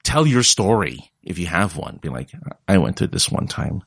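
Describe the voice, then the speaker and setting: A man's voice: sits low, very animated, moderate pace, vocal fry, slightly rough, no room sound, studio quality. A young man talking casually in a rambling way and mocking other people's voices when he quotes them. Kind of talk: casual monologue.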